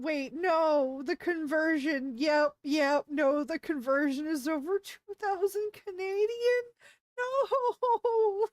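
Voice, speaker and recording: A woman's voice: very high-pitched, no echo, studio quality. A woman VTuber streamer chatting casually with viewers during a live stream, flustered and rambling, stumbling over her words and giggling often.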